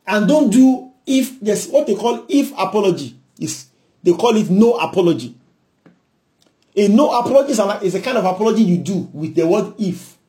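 A man's voice: high voice, lively intonation, moderate pace, warm tone. A man with a Nigerian accent preaching a sermon, emphatic, repeating points and punctuating with hallelujah.

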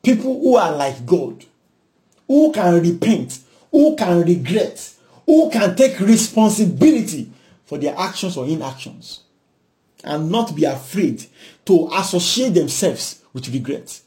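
Man, Nigerian accent, preacher, high pitch, warm mellow tone, emphatic, repetitive. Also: lively intonation, measured pace. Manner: emphatic, repeats himself, punctuates with hallelujah. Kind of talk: sermon.

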